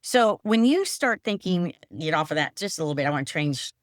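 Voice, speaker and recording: Deep-voiced woman, chatty interviewer, dry sound. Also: lively intonation, brisk, no room sound. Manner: chatty, friendly questioning. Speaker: podcast host. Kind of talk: casual podcast interview. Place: Florida Gulf coast.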